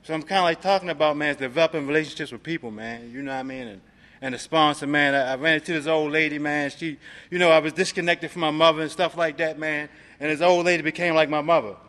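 A man's voice: a little high, steady tone, fast, a bit bright, big-room sound. A man from Maryland giving a personal recovery testimony, streetwise and profane, filling his talk with "man". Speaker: recovery speaker.

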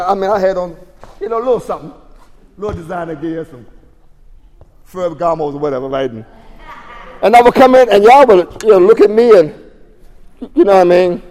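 A man's voice: sits high, darkish tone, in a large hall. A man animatedly telling his recovery story at a meeting, acting out the voices of the people in it. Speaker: speaker sharing recovery story.

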